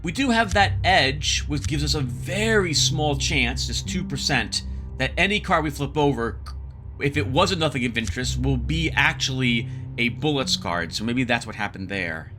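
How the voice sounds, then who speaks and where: In this casual let's-play, a man of medium pitch talks through a solo board game at a moderate pace, sounding expressive. He reads card text aloud, mutters to himself, and thinks out loud while music plays underneath.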